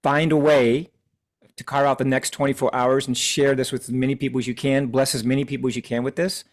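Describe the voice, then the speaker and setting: A man's voice: medium pitch, little pitch movement, quick pace. A man co-leading a sales team meeting on a video call, giving an earnest, preachy pep talk with frequent restarts.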